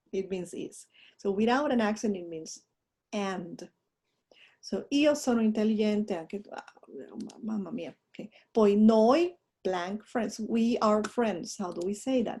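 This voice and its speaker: Warm-toned woman teaching a lesson. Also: medium pitch. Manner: explains in English, drops into Italian examples, often asks "right?". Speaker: Italian teacher. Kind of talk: recorded online lesson.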